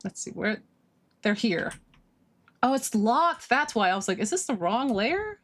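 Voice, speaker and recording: A woman livestreaming, chatting casually with her viewers, gushing and excitable as she reads chat. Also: a little high, measured pace. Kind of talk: casual stream chat, reading chat.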